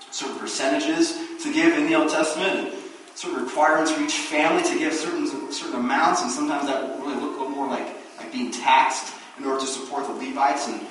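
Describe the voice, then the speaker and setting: Brief: male pastor, slightly high voice, lively preaching, miked from afar in a very echoey church. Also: a little hiss or hum. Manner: animated preaching, acts out quoted voices. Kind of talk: sermon. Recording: very echoey room, distant mic.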